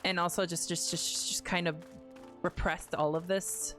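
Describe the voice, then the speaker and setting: A woman's voice: fairly low pitch, steady tone, normal speed, fairly bright tone, soft background music. A woman streaming a game, chatting casually, joking and reading the game's lines aloud. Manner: playful, reads game dialogue aloud and jokes; swears casually and laughs often. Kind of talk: casual live gameplay commentary.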